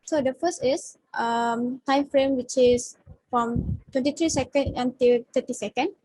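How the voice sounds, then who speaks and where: A young woman with a high, bright voice, presenting her part of a class project over a video call. She stops often on fillers and restarts, and her voice sounds dry and close, with no room around it. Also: fairly even intonation, a little slow, dry recording, rough recording. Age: young adult. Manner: hesitant, many fillers and restarts. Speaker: student presenter.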